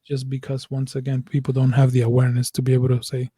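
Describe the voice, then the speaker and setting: A man's voice: medium pitch, completely flat delivery, fast, dark tone, husky, no echo, studio quality. A young man co-hosting a podcast, talking bluntly and emphatically about his own anxiety, with heavy swearing. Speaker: podcast co-host. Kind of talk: casual conversation.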